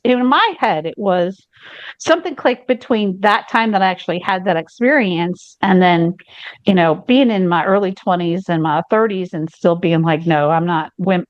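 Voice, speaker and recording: A woman's voice: medium pitch, no room sound, highs cut off. A woman co-hosting a podcast, telling stories in a frank, explicit casual chat with many restarts. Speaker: podcast co-host. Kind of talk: candid casual chat, storytelling.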